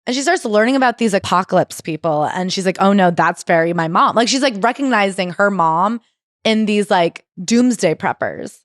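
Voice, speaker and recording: A woman's voice: mid-range voice, lively intonation, moderate pace, no room sound, studio quality. A woman co-hosting a podcast, retelling a memoir in casual chat and acting out quotes. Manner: chatty, acts out quotes with swearing. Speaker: podcast co-host.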